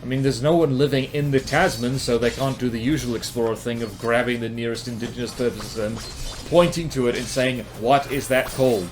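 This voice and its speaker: A man's voice: mid-range voice, steady tone, a little fast, music in the background. A man from New Zealand with a New Zealand accent, giving rambling, self-mocking commentary over his gameplay. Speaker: gaming commentator.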